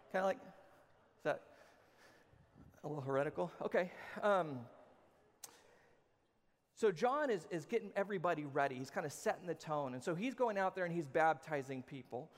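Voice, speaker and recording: A man's voice: fairly high pitch, expressive, normal speed, long pauses. A man in his thirties preaching a sermon as a pastor, casual and joking, talking straight to his audience. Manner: conversational, jokey, talks to the audience. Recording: long hall reverb.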